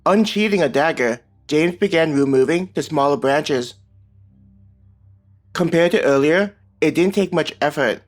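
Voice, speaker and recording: A man narrating a fantasy web novel in an even, unhurried reading voice. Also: fairly high pitch. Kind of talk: scripted audiobook narration. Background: soft background music.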